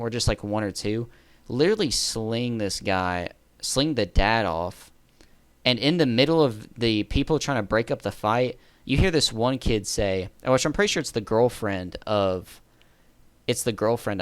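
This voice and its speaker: A man's voice: lowish voice, clear, resonant tone, no room sound. A man telling a story in a casual storytime monologue, rambling, correcting himself and laughing at his own story. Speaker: storyteller vlogger.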